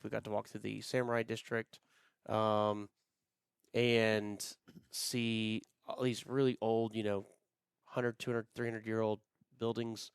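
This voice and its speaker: A man with a smooth, clear voice talks in relaxed podcast chat, wandering through his stories with plenty of ums and uhs. The sound is close and dry, with no room behind him. He comes across as middle-aged and easygoing. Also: mid-range voice, dry recording. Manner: rambling, frequent fillers, friendly storytelling. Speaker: podcast co-host. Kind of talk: casual chat.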